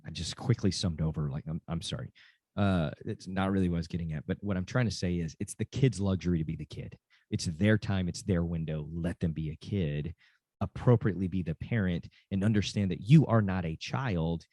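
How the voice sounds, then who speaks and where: Speaking a little fast in a low, warm voice, a middle-aged man who is a dad and football coach talks earnestly and casually about parenting. He repeats phrases and restarts sentences often, and there's no room sound.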